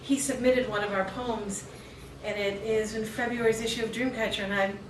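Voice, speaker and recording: A woman's voice: medium pitch, fairly even intonation, normal speed, background noise. A woman reading her poetry aloud at a live cafe open mic, moving between intense, rhythmic performance and chatty asides. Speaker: featured poet. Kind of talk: spoken-word poetry reading. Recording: echoey room recorded from a distance.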